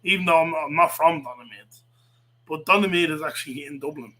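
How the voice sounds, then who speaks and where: A man in casual solo chat as a radio host, rambling and halting as he thinks aloud. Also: fairly high pitch, pushed and bright.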